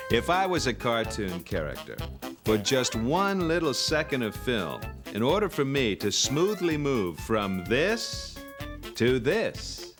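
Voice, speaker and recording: A man hosting a documentary in playful, scripted narration. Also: medium pitch. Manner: lively, playful. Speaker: host.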